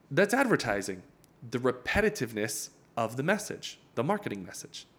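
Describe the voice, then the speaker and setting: A man's voice: mid-range voice, big pitch swings, fairly quick, a bit bright. A man hosting a podcast, explaining a topic in a loose conversational way and repeating his key points. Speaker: podcast host. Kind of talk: casual teaching monologue.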